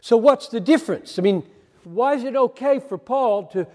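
A man preaches with fervor, pressing his points through repetition and sudden emphasis. His voice sits high for a man. The sound carries the long reverb of a big hall. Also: expressive, normal speed, a little mellow. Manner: impassioned, emphatic, repeats words for stress. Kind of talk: sermon.

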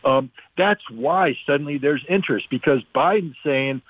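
A man's voice: fairly high pitch, moderate pace, hardly any pauses, no room sound. A man calling in as a guest analyst on a radio talk show, speaking bluntly and emphatically about arms control. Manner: blunt, emphatic, acts out quotes in mocking voices. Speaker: guest analyst, former weapons inspector. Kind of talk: radio call-in commentary. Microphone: phone line. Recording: tinny phone line, dry.

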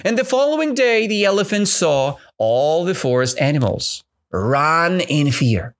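A man's voice: on the high side, very animated, measured pace. A man from Russia teaching English on a podcast, retelling a story and checking understanding with repeated questions. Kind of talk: podcast language lesson.

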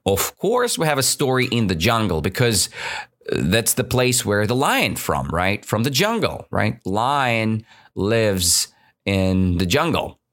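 Man teaching english with a story, talks slow, keeps asking right? and swings his pitch a lot. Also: sing-song, a bit bright. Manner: slow and deliberate, checking understanding with "right?". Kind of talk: reading and explaining a story to learners.

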